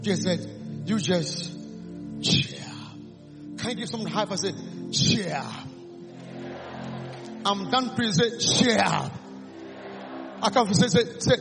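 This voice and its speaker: Preacher guy, really high voice, gravelly, shouting lines for the crowd to repeat. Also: slow, pauses often, soft background music. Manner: shouted exhortations, repeating phrases. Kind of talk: call-and-response sermon. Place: church service.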